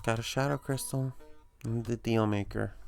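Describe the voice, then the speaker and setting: Quiet, mumbling man playing a game. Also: mid-range voice, steady tone, moderate pace, gravelly, faint music behind. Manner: quiet, mumbled, hesitant with fillers. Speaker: gamer. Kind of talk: low-key let's-play commentary.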